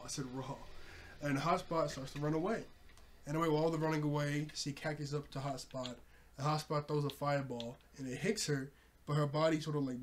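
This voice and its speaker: A young man with a slightly high voice talks through a cartoon episode in a loose, chatty way. He laughs often and his voice jumps up sharply whenever something surprises him. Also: slight background noise. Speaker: show reviewer. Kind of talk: casual episode recap.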